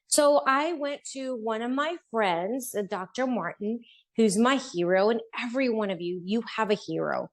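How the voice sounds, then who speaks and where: A woman's voice: on the high side, moderate pace. A middle-aged woman on a podcast as a guest, telling her own story in an earnest, heartfelt way and acting out what people said to her. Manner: earnest, heartfelt, acts out quoted speech. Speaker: podcast guest, business owner. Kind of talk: personal storytelling interview.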